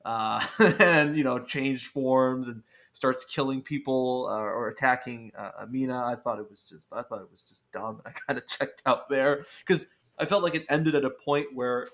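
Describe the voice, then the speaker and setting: A man's voice: medium pitch, normal speed, fairly bright tone. A man in casual podcast chat, blunt and sweary, laughing often and stacking fillers as he reviews a film. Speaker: podcast guest film critic.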